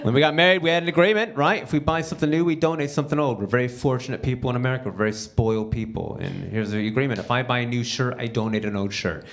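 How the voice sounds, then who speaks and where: A man's voice: medium pitch, very fast, hardly any pauses. A man performing a stand-up comedy set on a theater stage, talking in a conversational way and acting out quotes before the punchlines.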